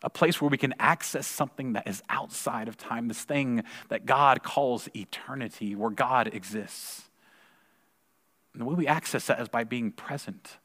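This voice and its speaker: A man in his forties giving a sermon, telling a personal story in a conversational way and repeating words when excited. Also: medium pitch. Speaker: pastor. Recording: long reverb of a large hall.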